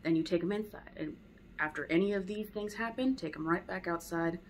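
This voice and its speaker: A woman's voice: fairly low pitch, fairly quick, slight background noise, low-quality recording. A woman teaching dog training in a casual, conversational way at home. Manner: conversational, acts out dog and owner voices. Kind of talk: casual spoken lesson.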